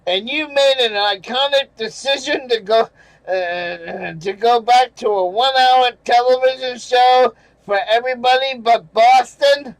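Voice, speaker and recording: A man with a fairly high voice rants at a slow, dragging pace, cursing and sarcastic as he reads out comments. He chuckles now and then between angry remarks. The sound is dry and close. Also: dry recording, rough recording. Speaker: channel host reading viewer comments. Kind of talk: casual ranting commentary.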